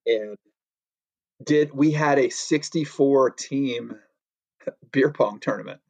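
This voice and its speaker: A man's voice: mid-range voice, takes it slowly, creaky, a little mellow, no echo, rough recording. A man co-hosting a casual chat, rambling with many fillers and frequent laughter. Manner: laughs often, loose filler-heavy talk. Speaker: podcast co-host.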